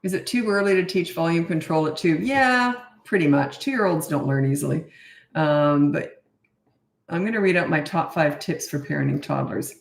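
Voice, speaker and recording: Low and gravelly at normal speed, this middle-aged parenting coach's voice carries a roomy echo. She answers questions in a casual advice Q&A, blunt and matter-of-fact, tossing in chatty asides.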